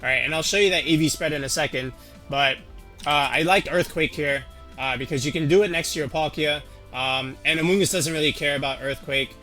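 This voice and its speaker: A man's voice: fairly high pitch, brisk, sharp tone, soft background music. A man casually walking through a game teambuilding tutorial, rambling with lots of fillers and restarts. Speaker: competitive game YouTuber.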